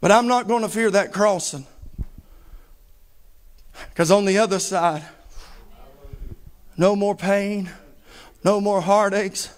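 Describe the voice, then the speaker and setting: High-voiced preacher man. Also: steady tone, takes it slowly, pauses often. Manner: fervent, emphatic preaching with heavy repetition. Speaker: pastor. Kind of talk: sermon.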